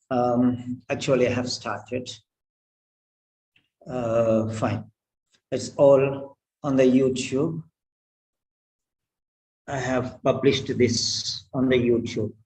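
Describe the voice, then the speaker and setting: A man's voice: medium pitch, a little mellow, slight background noise, poor audio. A man teaching pronunciation in an online class, repeating each sound several times over. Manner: repetitive, drills sounds over and over.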